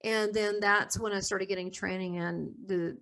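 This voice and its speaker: A woman's voice: medium pitch, fairly even intonation, moderate pace, vocal fry, a bit bright. A middle-aged woman, a guest in an interview, telling her story candidly and rambling through restarts with a laugh now and then. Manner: rambling, restarts often, laughs between thoughts.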